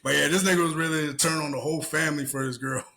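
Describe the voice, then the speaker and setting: A man on a casual podcast spins animated stories, slipping into the voices of the people he quotes and swearing as he goes. His voice is bright and forceful and sits somewhat high for a man. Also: very fast, gravelly, slight background noise. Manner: animated storyteller who acts out quotes, swears freely. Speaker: podcast co-host. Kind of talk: casual chat.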